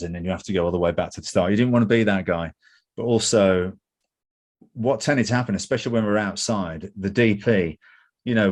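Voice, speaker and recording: A middle-aged English man, an actor being interviewed, telling candid anecdotes and acting out what others said. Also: deep voice. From England. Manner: candid, anecdotal, animated when quoting others. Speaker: actor guest. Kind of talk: interview conversation.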